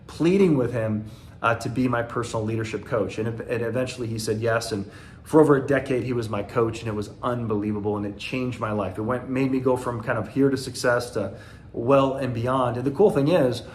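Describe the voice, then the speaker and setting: A man's voice: mid-range voice, fairly quick, a little hiss or hum. A man in his forties from the American South, giving an earnest, loosely rambling motivational talk straight to camera. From Southern United States. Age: 40s. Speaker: motivational speaker.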